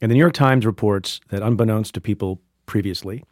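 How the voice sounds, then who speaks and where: A man's voice: lowish voice, brisk, no echo. A man hosting a studio interview podcast, reading an ad and then questioning his guest with wry humor. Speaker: podcast host. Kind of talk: interview with ad read.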